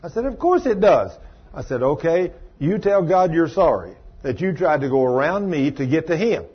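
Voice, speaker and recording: A man with a husky, somewhat high, sing-song voice preaches a sermon at normal speed, telling a story with emphasis as he raises and drops his voice to stress points. The recording is dull and lo-fi.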